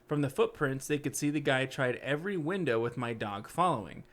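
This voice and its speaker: A man's voice: medium pitch, brisk, a bit bright. A man with a mid-range voice reads creepy stories aloud on a casual podcast. He keeps breaking off to react with blunt, joking asides. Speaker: podcast co-host reading stories.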